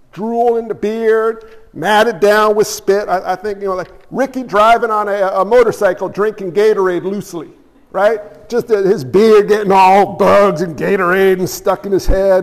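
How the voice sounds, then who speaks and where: A man preaching a sermon in a church, talking in an animated, emphatic and blunt way. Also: sits high, long reverb tail. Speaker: pastor.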